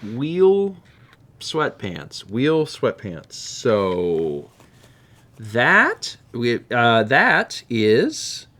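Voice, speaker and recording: Lively rambling male streamer. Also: medium pitch, very slow. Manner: rambling, self-correcting, lively. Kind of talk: casual gameplay chat.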